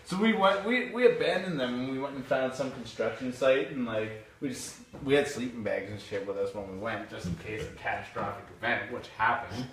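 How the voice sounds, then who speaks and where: A young man from Canada hosting a podcast, telling a rowdy story in a profane, animated way with bursts of laughter. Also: medium pitch, brisk, few pauses, a little hiss or hum. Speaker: podcast host. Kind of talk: casual storytelling. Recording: echoey room from far off.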